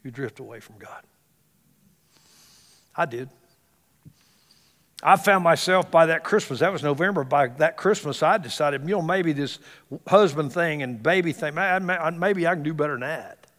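High-voiced preacher in a reverberant church. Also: male voice, normal speed. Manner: swings between loud exclamations and hushed asides. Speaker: pastor. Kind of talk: sermon. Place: church sanctuary.

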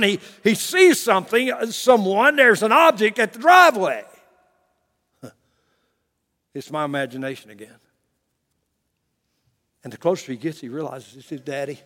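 A man preaching and telling a story, swinging from loud to hushed with chuckling asides. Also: high-pitched, long reverb tail. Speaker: pastor. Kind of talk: sermon storytelling. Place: church.

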